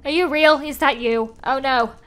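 A woman's voice: sits high, moderate pace, a bit bright. A woman voicing a frantic young woman trapped in a game dungeon, rambling anxiously.

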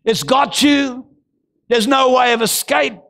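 A male pastor, preaching a fervent sermon that bursts into shouting. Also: very high-pitched, fairly even intonation, takes it slowly, creaky. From Australia.

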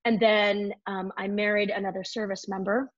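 A woman guest in an interview, telling her stories in a lively way and acting out the dialogue. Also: mid-range voice, moderate pace, no room sound, dull audio. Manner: lively storyteller who acts out dialogue. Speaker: guest, military veteran. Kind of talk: conversational storytelling interview.

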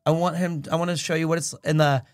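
A man's voice: on the high side, fast, faint music behind. A man hosting a live stream from his home, chatting casually and telling stories with lots of laughter. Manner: animated, laughing storyteller. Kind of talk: casual chat. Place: home in Japan.

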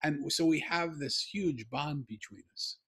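A man's voice: fairly high pitch, a little slow, fairly bright tone, slightly rough. A middle-aged man, a podcast guest, telling a personal story in an earnest, heartfelt, emphatic way.

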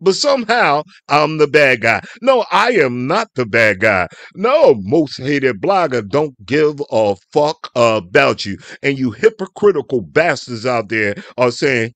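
A man's voice: medium pitch, big pitch swings, measured pace, few pauses, fairly bright tone, no echo. A man hosting an online commentary show, delivering a heated, cussing, scolding rant. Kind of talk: profane ranting commentary.

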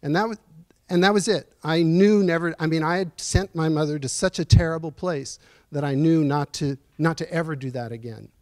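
A man's voice: fairly high pitch, a little mellow, no echo. Earnest man in his sixties, dry sound. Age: 60s. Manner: earnest, reflective, halting with pauses. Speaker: guest speaker at a lecture series. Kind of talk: personal storytelling lecture. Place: university auditorium.

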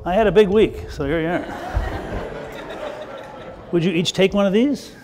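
A man's voice: sits high, moderate pace, long reverb tail, background noise. An older man, a pastor, telling a children's sermon in a playful, chatty way with the kids. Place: church sanctuary.

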